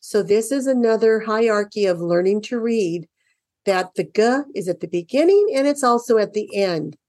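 A woman's voice: medium pitch, lively intonation, moderate pace, darkish tone, dry recording. A woman in her fifties, a parent, walks through a children's reading workbook in an enthusiastic, encouraging lesson. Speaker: parent teaching early reading.

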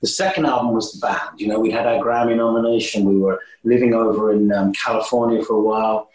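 A man guesting on an interview, telling stories in a lively, animated way with many restarts. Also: quick pace. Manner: animated, swooping pitch, frequent restarts. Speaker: guest musician. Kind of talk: casual interview storytelling. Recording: roomy echo.

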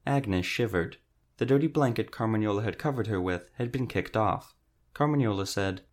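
A man narrating an audiobook in a steady, even reading voice. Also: on the low side, moderate pace. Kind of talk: scripted narration.

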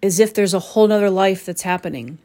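A woman hosting a reflective spoken talk as a medium, gentle and pausing to search for the right words. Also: mid-range voice, faint music behind. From southern New England. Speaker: psychic medium, host.

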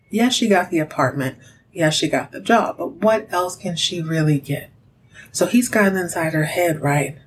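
A woman hosting a podcast, recapping a soap opera episode in a sassy, animated storytelling way, with direct asides to her listeners. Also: low voice, a little hiss or hum, poor audio. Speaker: podcast host.

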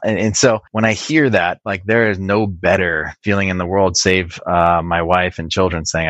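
A man speaking as a podcast guest, earnest and halting, with many restarts. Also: sits low, fairly bright tone, dry recording. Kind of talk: podcast interview.

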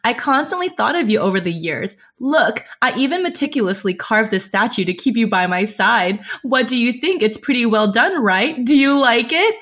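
A woman's voice: a little high, animated, moderate pace, hardly any pauses, a bit bright. A woman reading as a spiteful male ghost. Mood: mocking. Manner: cold, mocking sneer. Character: sneering, spiteful young male ghost cousin.

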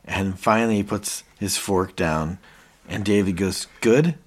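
A man's voice: low-pitched, fairly even intonation, measured pace. A man co-hosting a podcast, casually retelling TV scenes and quoting characters. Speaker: podcast co-host. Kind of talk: casual recap chat.

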